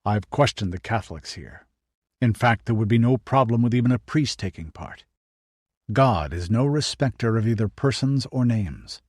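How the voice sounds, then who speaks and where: A man reading as a calm, gentle priest. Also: on the low side, normal speed, husky, no echo, clean studio sound. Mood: reassuring. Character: calm middle-aged male priest, patient and gentle.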